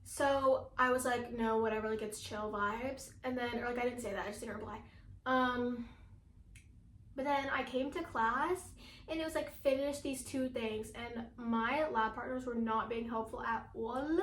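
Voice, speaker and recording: Chatty fast-talking teenage girl. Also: on the high side, fairly even intonation, a bit bright, reverberant. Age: teens. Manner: fast, chatty, lots of fillers and laughs. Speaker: vlogger. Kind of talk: casual chat.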